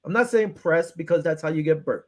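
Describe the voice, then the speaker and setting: Male sports show host, slightly high-pitched, animated and exasperated, casual talk. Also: fairly quick, crowd noise. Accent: Western New York. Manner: animated, retells with quoted back-and-forth, frustrated ranting.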